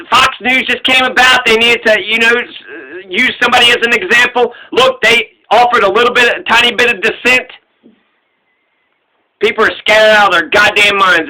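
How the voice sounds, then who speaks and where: Casting: high-pitched young American man, very bright and sharp tone, heated sarcastic ranting, swears constantly. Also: rough recording. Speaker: vlogger. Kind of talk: profane ranting monologue.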